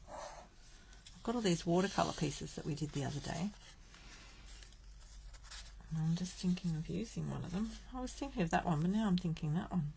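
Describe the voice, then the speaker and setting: A woman's voice: on the low side, vocal fry, darkish tone, a little hiss or hum. A woman from Australia hosting a live card-making stream, chatting and thinking aloud as she works. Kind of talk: live crafting stream chat.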